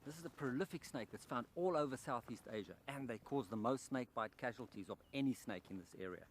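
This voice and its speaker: A man presenting a wildlife documentary outdoors in rice fields, animated and excited, dropping to a hushed voice near the animal. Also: medium pitch, a little fast, a little hiss or hum.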